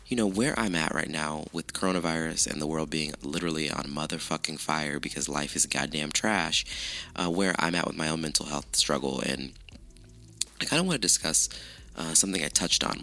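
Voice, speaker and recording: A man hosting his own podcast, chatting casually with lots of swearing and self-mockery, his voice rough with morning allergies. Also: a bass voice, pushed and bright. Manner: chatty, profane, self-mocking. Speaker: podcast host. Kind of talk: casual solo podcast chat.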